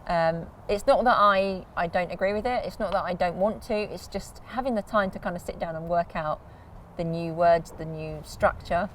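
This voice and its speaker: A woman's voice: fairly low pitch, moderate pace, distant mic, a little hiss or hum, rough recording. A woman hosting a casual vlog chat, answering in an easygoing way. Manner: brief agreeing replies, easygoing. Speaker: vlog host.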